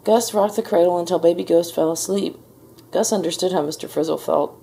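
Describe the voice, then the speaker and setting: Low gravelly woman reading a storybook. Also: fairly quick, warm tone. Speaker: storybook reader. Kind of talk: reading a children's book aloud.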